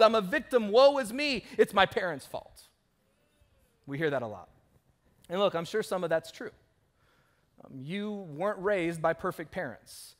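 A man preaching a sermon as pastor, telling stories and acting out the voices of the people in them. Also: sits high. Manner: animated storytelling, acting out quoted voices. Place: church sanctuary.

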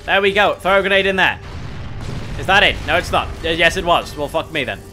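A man streaming a video game, exasperated, swearing and yelling at enemies. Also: a little high, animated, a little fast, faint music behind. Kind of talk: gaming commentary.

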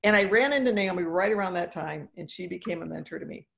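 A woman's voice: fairly low pitch, fast talker, gravelly. A woman in her sixties, a dentist and speaker, talking earnestly in a podcast interview, encouraging and repeating phrases for emphasis. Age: 60s.

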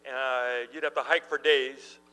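A middle-aged male pastor preaching a sermon, telling stories in an animated way and laughing as he tells them. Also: mid-range voice, unhurried, long reverb tail, low-quality recording. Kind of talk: sermon with storytelling. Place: church.

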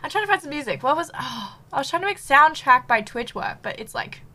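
A woman's voice: high voice, very animated, brisk, pushed and bright. A woman chatting casually on a live stream, bubbly and giggly, full of fillers, a little out of breath.

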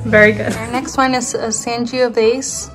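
A woman's voice: fairly high pitch, level tone, moderate pace, low-quality recording. A young woman, a nurse, chatting casually in a vlog at home and laughing often. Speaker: travel nurse vlogger. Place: home living room.

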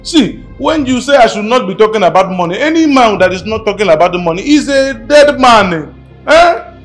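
Loud Nigerian big spender, high voice, brags and repeats himself. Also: male voice, lively intonation, moderate pace, faint music behind. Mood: boastful. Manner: boastful, repeats words, pidgin-flavored English. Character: flashy rich man boasting of money. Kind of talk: film acting.

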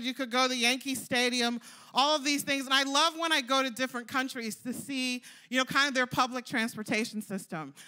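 High, bright-voiced woman preaching chattily. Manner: chatty, storytelling, lots of "like" and "you know". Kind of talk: sermon.

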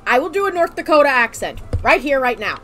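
High, bright woman chatting in mock pirate-speak. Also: big pitch swings, a little fast. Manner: mock pirate speech, jokey and profane. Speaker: streamer. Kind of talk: casual gaming chat.

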